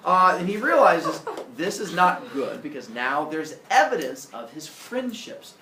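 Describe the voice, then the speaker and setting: Jokey teacher telling myths to a class. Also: male voice, a little high, unhurried, a little hiss or hum. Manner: jokey, animated, acts out characters. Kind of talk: storytelling lesson. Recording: roomy classroom audio from far off.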